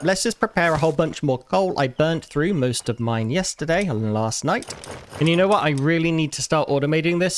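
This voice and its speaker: A man's voice: fairly high pitch, slight background noise. A man giving casual commentary over his own gameplay as a regular video maker, chatting to the characters and breaking into bursts of mock outrage. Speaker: gaming YouTuber.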